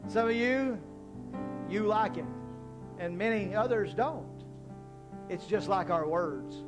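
A man's voice: high voice, takes it slowly, music in the background. A man preaching a sermon as pastor in a church, rising into emphatic call-and-response with the congregation. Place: church hall.

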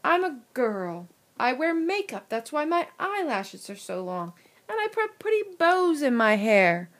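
A woman's voice: sits high, big pitch swings, unhurried. A woman voicing a prim, fussy young girl cootie bug who talks in a prissy, scolding way. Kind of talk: cartoon voice acting.

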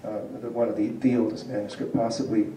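A man's voice: fairly low pitch, level tone, fast talker, mellow, slight background noise. A man giving a public linguistics lecture to a community audience, explaining patiently and asking the room questions. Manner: explanatory, asks the audience questions, chuckles often. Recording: roomy hall picked up from a distance.

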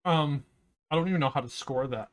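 A man's voice: fairly high pitch, brisk. A young man hosting a music reaction video, talking casually in a crude, rambling, joking way. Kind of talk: casual album reaction commentary. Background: album playing in the background.

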